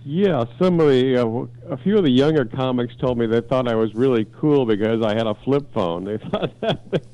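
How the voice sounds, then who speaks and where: A man's voice: mid-range voice, normal speed, mellow. A man on a chat panel, giving short agreeing replies and chuckling between easygoing remarks. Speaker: panel guest. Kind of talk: casual chat. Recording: dull lo-fi sound.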